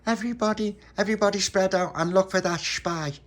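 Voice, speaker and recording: A man's voice: high-pitched, brisk, pitched above the performer's own voice, lightly acted. A man voicing a clever little girl who patiently explains things, stumbling a little. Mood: explaining.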